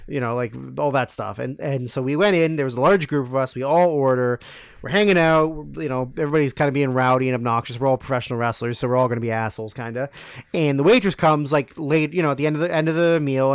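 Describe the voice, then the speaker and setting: A man's voice: mid-range voice, quick pace, smooth, no room sound, clean studio sound. A man in his thirties, co-hosting a podcast and answering listener questions in a rambling, profane, casual way. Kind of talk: casual Q&A chat.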